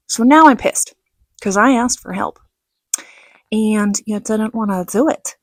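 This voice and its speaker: A middle-aged woman telling a personal story in a casual vlog, animated and laughing, acting out what others said. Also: medium pitch, a little slow, no room sound. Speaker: vlogger.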